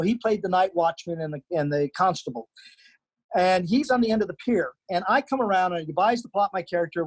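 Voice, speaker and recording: A stage actor and teacher with a high, slightly rough voice shares theater anecdotes in casual conversation, animated and stammering as he restarts his sentences. The recording quality is low.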